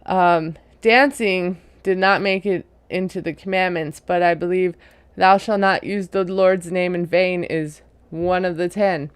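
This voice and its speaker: A woman giving a casual, opinionated recap of a reality TV episode, chatty and quick to laugh. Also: on the low side, fairly even intonation, clear, resonant tone, no room sound.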